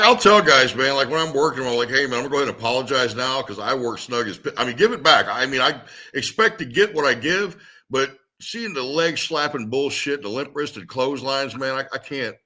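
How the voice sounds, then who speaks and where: A man telling blunt, salty wrestling stories in casual talk. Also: medium pitch. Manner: blunt, salty, animated storyteller. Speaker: retired wrestler guest. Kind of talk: casual storytelling chat.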